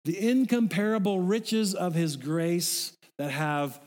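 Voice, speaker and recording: A middle-aged male pastor delivers his sermon in a relaxed, conversational manner, checking in with the congregation as he goes. His voice sits a little high for a man. The sound carries a long reverb from the church sanctuary. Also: slow. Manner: conversational, folksy, with asides to the congregation.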